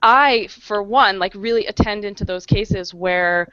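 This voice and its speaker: A woman's voice: mid-range voice, measured pace, bright, forceful tone, no echo. Woman professor explaining research, lo-fi. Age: 30s. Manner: clear explanatory tone with frequent ums and restarts. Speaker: panelist, psychology professor. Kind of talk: explaining research on an online panel. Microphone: video call.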